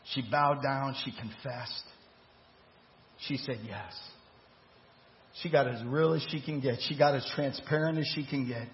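A man's voice: mid-range voice, fairly even intonation, unhurried, long pauses, a little hiss or hum. A man preaching a sermon as the pastor, rising in emphasis and acting out quoted voices. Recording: muffled lo-fi church recording.

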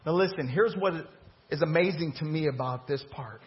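A man's voice: on the high side, moderate pace. Man preaching in a lo-fi recording. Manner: preaching with rising emphasis and dramatized quotes. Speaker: pastor. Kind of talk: sermon. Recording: muffled lo-fi church recording.

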